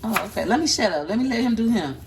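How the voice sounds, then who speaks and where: Her voice on the high side, expressive and fast, a Tampa, Florida mother who vlogs talks casually to viewers from her home kitchen, chatty and teasing. She films on a handheld phone, and the recording is rough.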